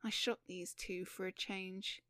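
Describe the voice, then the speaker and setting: A woman's voice: medium pitch, level tone, measured pace, a bit bright, no room sound, clean studio sound, close to an everyday voice. A woman voicing a harsh, ruthless female captor in an audiobook, giving curt, commanding orders. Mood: curt, menacing. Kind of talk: audiobook reading.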